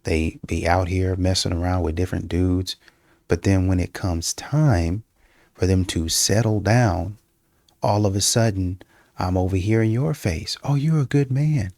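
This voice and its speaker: Low gravelly man in casual commentary. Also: measured pace, dry recording. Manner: repetitive and emphatic, with many fillers and restarts; breaks into mocking, animated quoting. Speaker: reaction commentator.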